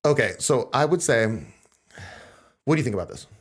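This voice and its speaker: A man hosting a podcast, telling events in a casual, animated way and acting out quotes in a raised voice. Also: mid-range voice, fairly quick, husky. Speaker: podcast host. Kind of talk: casual conversational storytelling.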